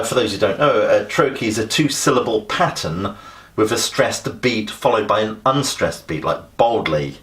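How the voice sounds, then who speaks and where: A man's voice: fairly low pitch, a bit bright. A middle-aged man teaching English literature in a conversational revision lesson, with frequent fillers and restarts.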